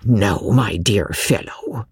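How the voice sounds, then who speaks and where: A woman voicing a bold, hearty middle-aged Irishwoman, brisk and scornful. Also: a bass voice, expressive, breathy edge, no room sound, voice pushed down, heavily acted.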